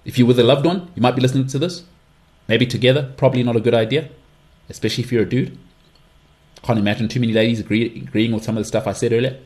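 A man with an English accent hosting his own podcast alone, giving strong opinions and often leaping into high-pitched mocking outbursts. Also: steady tone, fast, darkish tone. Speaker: podcast host. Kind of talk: solo podcast monologue.

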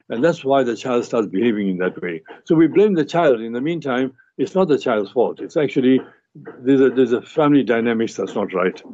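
A man with a mellow, darkish voice talks through his advice as a doctor on a radio show. He explains earnestly, often restarting his sentences and filling pauses. The sound is dry and slightly muffled, like a radio broadcast. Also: medium pitch, no echo. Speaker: guest family physician.

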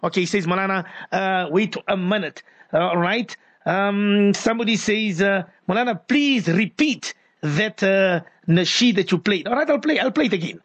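A man's voice: sits high, moderate pace, fairly bright tone, dull audio. A man hosting a live radio call-in show, playful and coaxing, stretching words for emphasis. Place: radio studio.

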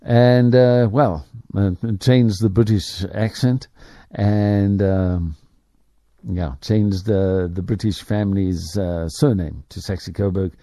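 Low mellow man, rambling business host. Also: fairly even intonation, slow, no room sound, clean studio sound. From Africa. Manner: rambling, many fillers and restarts. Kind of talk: opinionated business commentary.

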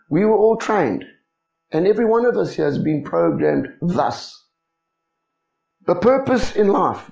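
A man preaches a sermon, his voice rising and falling in a lively, animated swing. His tone is gravelly and fairly high. The sound is echoey and dull, like a lo-fi recording in a church hall. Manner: animated, rhetorical questions to the congregation.

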